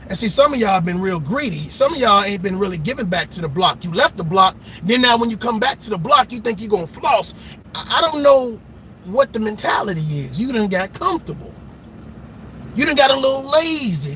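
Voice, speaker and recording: A man's voice: high-pitched, pushed and bright, slight background noise. A man hosting a reaction channel, delivering an impassioned, profane, preachy rant. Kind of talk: ranting commentary.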